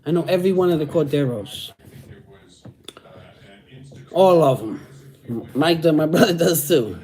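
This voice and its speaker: A man's voice: on the high side, animated, a little slow, a little mellow. A middle-aged man chatting casually on a livestream, using street slang and repeating phrases. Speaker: host reading live chat.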